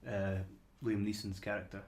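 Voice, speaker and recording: Podcast co-host, man, lowish voice, casual conversational delivery, restarts sentences. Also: flat delivery, normal speed. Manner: conversational, repeats words when starting sentences. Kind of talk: casual chat.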